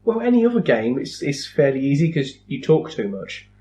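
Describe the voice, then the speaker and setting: A man's voice: a little high, very animated, moderate pace, mellow, slight background noise. A man co-hosting a podcast, chatting casually with dry, teasing humour. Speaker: podcast co-host. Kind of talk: casual chat among friends.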